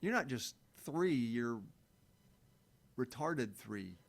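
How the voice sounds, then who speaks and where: A man's voice: medium pitch, expressive, extremely slow, creaky. A middle-aged man giving a blunt, profane self-help monologue, breaking into heated emphatic rants. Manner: mocks others in sing-song quoted voices. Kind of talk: unscripted monologue.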